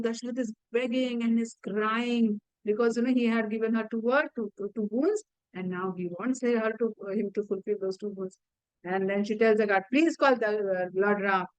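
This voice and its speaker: A woman with an Indian English accent retells an epic as a lesson, in a high voice. She halts, repeats words and uses many fillers. The recording is dry and close. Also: darkish tone, dry recording, low-quality recording. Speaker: teacher. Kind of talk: storytelling lesson.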